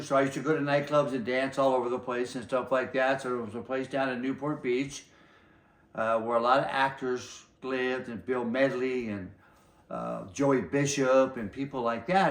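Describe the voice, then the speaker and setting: An older man who is a martial arts master speaks at a medium pitch and a normal pace. In a relaxed interview he spins long anecdotes, voicing other people's lines as he goes. The room gives the recording a noticeable echo.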